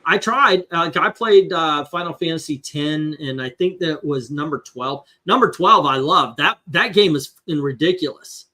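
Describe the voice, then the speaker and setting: This is a middle-aged man hosting a loose comics chat, his voice pitched a little high and sounding bright. He tells stories with a lot of animation and slips into impressions as he goes. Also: lively intonation, moderate pace, few pauses. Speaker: comic book channel host. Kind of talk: casual panel chat.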